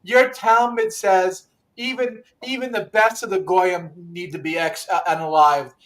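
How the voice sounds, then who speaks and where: Brash high-voiced New York man. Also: steady tone, a little slow, far from the mic. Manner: brash, loud and repetitive, swearing often. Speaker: livestream host. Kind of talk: casual profane chat.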